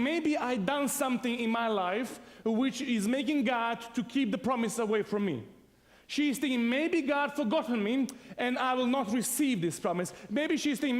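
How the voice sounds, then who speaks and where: High-voiced preacher in a reverberant hall. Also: male voice. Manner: animated storyteller, laughs often, acts out sounds and voices. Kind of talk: sermon with a humorous personal story.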